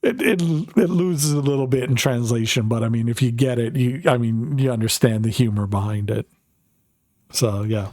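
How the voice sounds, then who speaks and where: A man chats casually while streaming a tank game, rambling and filling gaps with "like" and the odd curse. His voice sits at a middling pitch. The sound is dry and close, with no room around it. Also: normal speed, mellow, no room sound. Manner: rambling, filler-heavy, swears casually. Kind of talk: casual live gaming commentary.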